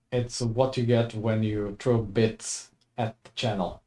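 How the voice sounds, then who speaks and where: Laid-back, mellow-voiced man streaming a game. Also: lowish voice, steady tone, slow. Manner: laid-back, chatty, chuckles often. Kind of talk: casual let's-play commentary.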